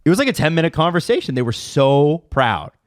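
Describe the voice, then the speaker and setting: Lively man co-hosting. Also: a little high, fairly quick, no room sound, studio quality. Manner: animated, running the segments. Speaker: podcast co-host. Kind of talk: casual chat.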